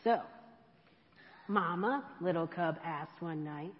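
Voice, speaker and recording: A woman in a church, reading a children's picture book aloud to kids in an expressive storybook manner. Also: sits low, slow. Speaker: storyteller dressed as an elf. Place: church hall. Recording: dull echoey church hall.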